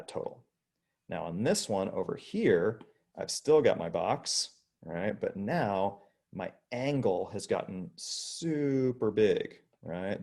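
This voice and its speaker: A man's voice: deep voice, darkish tone. A man teaching a casual online physics lesson, chatty and demonstrating with his body as he explains. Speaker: high school physics teacher.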